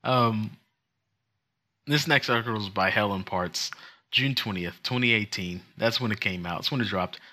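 A man with a low voice co-hosts a relaxed podcast. His tone is bright and forceful as he jokes, teases, and reads crypto headlines slowly and carefully. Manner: joking and teasing, reads articles slowly and deliberately. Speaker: podcast co-host. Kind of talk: casual chat and reading news headlines aloud.

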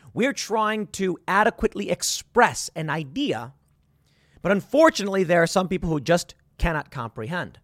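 Guy in his 30s ranting on his commentary show, sarcastic, kinda high voice, dry close mic. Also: fairly bright tone, dry recording. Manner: sarcastic, exasperated, rambling with restarts. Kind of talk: opinion commentary monologue.

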